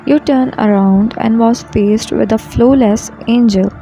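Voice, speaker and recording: Mellow woman narrating a romance story. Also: a little high, measured pace, poor audio. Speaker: fan fiction narrator. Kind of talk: scripted second-person romance narration.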